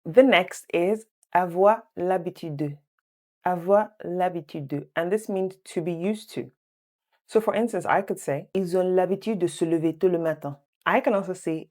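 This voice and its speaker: A woman teaching French phrases in an online lesson, repeating each phrase slowly and adding chatty asides. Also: fairly low pitch, darkish tone.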